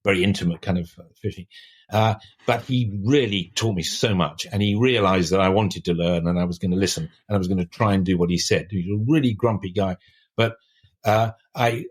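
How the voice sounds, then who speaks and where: An older English man with a deep voice talks a little fast as a writer guest on a podcast. His delivery is reflective and discursive, full of restarts.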